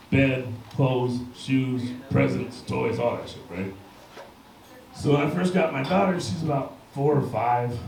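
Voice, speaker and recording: A male comedian in his thirties doing a crude stand-up set on a bar stage in front of a live crowd, often shouting his punchlines. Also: medium pitch, a little hiss or hum. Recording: distant mic with heavy bar room echo.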